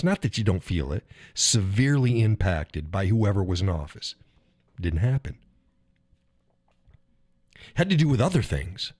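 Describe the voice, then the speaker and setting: Man, live stream host, casual rant, profane, very lively pitch, dry close sound. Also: dry recording. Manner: profane, animated, acts out quoted drivers.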